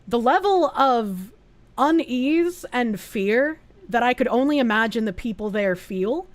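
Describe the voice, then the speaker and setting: A woman streamer reacting to clips in casual, earnest commentary, animated and swearing now and then. Her voice sits at a middling pitch. The sound is dry and close, from a home setup. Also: unhurried, no room sound.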